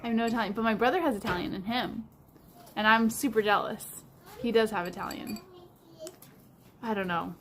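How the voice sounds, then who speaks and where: A woman's voice: a little high, brisk, long pauses, a little hiss or hum. A woman hosting a livestream in casual chat, rambling along with lots of fillers like "like". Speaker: livestream host.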